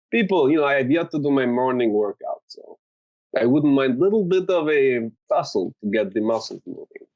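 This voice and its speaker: A man playing his character in a tabletop game, eager and animated. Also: medium pitch, no echo, muffled recording. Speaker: player.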